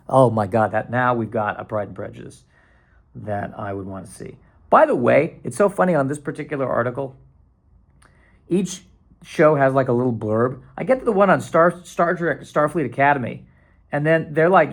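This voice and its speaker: A man's voice: medium pitch, normal speed. A man hosting his own podcast, rambling casually with sarcasm, restarts and bursts of mock panic. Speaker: podcast host.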